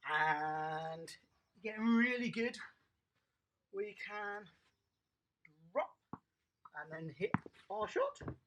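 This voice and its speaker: An upbeat, encouraging toddler tennis coach runs a lively online lesson, praising each small child by name. The medium-pitched voice moves very slowly and pauses often.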